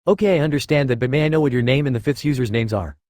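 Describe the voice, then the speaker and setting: Guy reading as a cocky young swordsman who swears a lot, rattles it off fast, dry close sound. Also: medium pitch, darkish tone, no room sound, lightly acted. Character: young male swordsman hero, blunt and profane.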